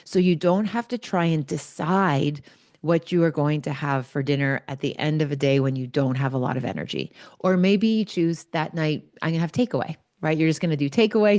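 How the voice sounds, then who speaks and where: A woman's voice: deep voice, darkish tone, dry recording, studio quality. A middle-aged woman hosting a podcast, giving casual, chatty advice and anecdotes. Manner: chatty and anecdotal, with fillers like "like" and "right?". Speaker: podcast host.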